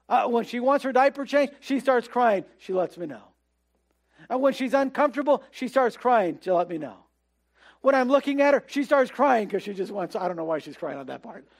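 A man preaching a sermon in a relaxed, conversational way, dropping to a soft hush on his key words. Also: high-pitched. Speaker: pastor.

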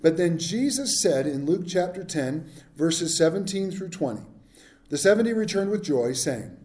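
A pastor preaching a sermon in a humorous, conversational way, often putting questions to the congregation. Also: male voice, on the high side, lively intonation, normal speed, a little mellow, roomy sound.

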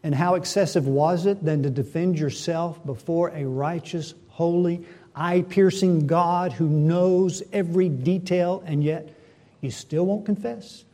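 A middle-aged man preaching a sermon, swinging between emphatic and hushed delivery. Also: on the high side, measured pace. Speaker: pastor.

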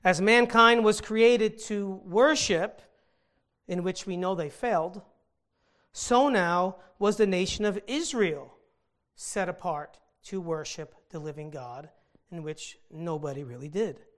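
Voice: mid-range voice, takes it slowly, fairly bright tone. A Bible teacher giving an earnest scripture teaching, stopping to explain the meaning of original-language words.

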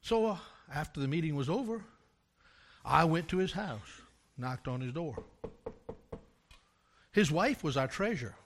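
An older man preaching a sermon, telling a story from his years as a pastor and rising to loud, emphatic climaxes. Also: on the high side, animated, unhurried, long pauses.

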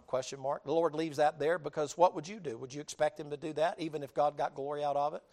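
A man preaching a sermon, telling the story in a lively, colloquial way and acting out the people he quotes. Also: on the high side, fast talker, hardly any pauses. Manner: animated storytelling with colloquial drawl, dramatic quoted voices, laughs.

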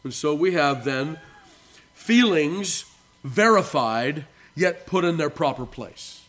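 A male pastor giving an earnest expository sermon, repeating key phrases for emphasis, with halting restarts between phrases. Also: on the high side, lively intonation, fairly bright tone.

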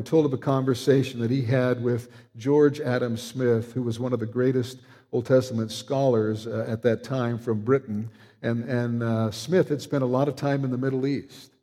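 A man preaching a sermon, earnest and emphatic, slowing down to stress key words. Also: mid-range voice, mellow. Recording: long hall reverb.

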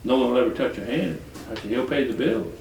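A man's voice: medium pitch, fast, a little mellow, slight background noise. An older man from Detroit preaching a folksy, colloquial sermon full of rambling stories and chuckles. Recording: echoey hall from far off.

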